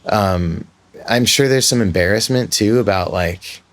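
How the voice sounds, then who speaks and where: A man's voice: on the low side, unhurried. A man hosting a podcast, telling a candid, rambling story in a casual, self-reflective way. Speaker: podcast host.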